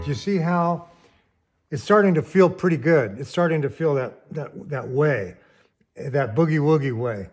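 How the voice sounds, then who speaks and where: A man's voice: on the high side, expressive, a little slow. A man teaching piano, explaining rhythm plainly and counting beats aloud. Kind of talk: piano lesson, counting aloud while playing. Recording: piano underneath the voice. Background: piano playing.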